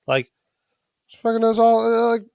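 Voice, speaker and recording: A man's voice: extremely high pitch, animated, moderate pace, vocal fry, a little mellow, clean tone, no room sound, clean studio sound. A man co-hosting a TV recap podcast in casual, jokey chat, swearing a lot. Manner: crude, swears constantly, jokey. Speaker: podcast co-host.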